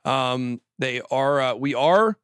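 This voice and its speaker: A man hosting a casual crypto livestream, talking quickly and jokily, often trailing off mid-thought. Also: medium pitch, lively intonation, fairly bright tone, clear, resonant tone, no echo, studio quality. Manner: rambling, quick, jokey, trails off. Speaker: crypto show host.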